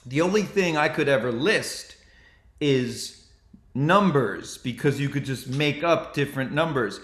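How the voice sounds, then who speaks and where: A male comedian chatting casually and telling animated stories. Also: fairly high pitch, moderate pace. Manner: animated storytelling. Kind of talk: casual chat. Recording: roomy echo.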